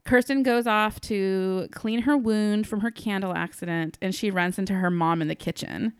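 A woman's voice: mid-range voice, moderate pace, clean tone, dry recording, studio quality. A woman co-hosting a podcast, recapping a movie in casual chat with crude, sarcastic jokes. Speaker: podcast co-host.

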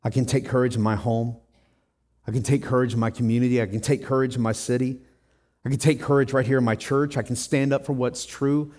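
A man's voice: medium pitch, steady tone, a little fast, a little mellow. A man preaching a sermon as a pastor in church, earnest and emphatic, acting out scenes in quoted lines.

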